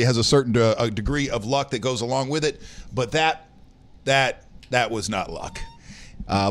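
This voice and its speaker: Man, casual news host, rambling, lots of "uh", lively pitch. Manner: rambling, rough news rundown full of fillers. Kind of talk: casual morning news chat show.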